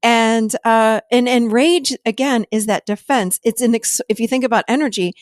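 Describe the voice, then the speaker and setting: A middle-aged woman hosting a podcast, telling stories from her therapy practice in an animated way and sometimes laughing as she talks. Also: a little high, moderate pace, no echo, clean studio sound. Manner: animated storytelling, laughs while talking. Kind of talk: casual chat.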